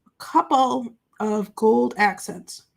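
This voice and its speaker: Live craft-show host, woman, bright chatty gusher, coughing through a summer cold, pitched a touch high. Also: animated, takes it slowly, vocal fry. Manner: gushing, talks to the chat.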